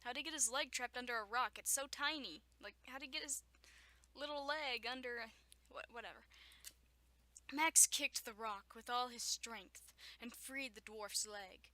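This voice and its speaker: A woman's voice: a little high, moderate pace, pushed and bright, no room sound. A young woman at home reading a children's story aloud, often stopping to joke, laugh and make sarcastic asides. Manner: frequent laughter and stumbles. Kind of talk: reading aloud with running commentary.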